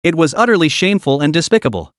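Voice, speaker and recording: Man narrating a story recap, higher voice. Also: sing-song, fast, no echo, clean studio sound.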